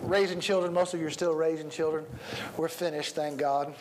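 A man's voice: fairly high pitch, fairly even intonation, brisk, noisy background. A middle-aged man, a pastor, teaching a preaching workshop, shifting his pace and volume to demonstrate and chuckling now and then.

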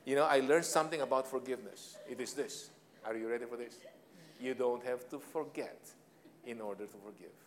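A man's voice: mid-range voice, fairly quick. A man in his sixties with a Filipino accent, giving a humorous motivational talk on leadership. He tells personal stories with theatrical flair, chuckles at his own jokes and slips into Tagalog phrases. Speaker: speaker on leadership.

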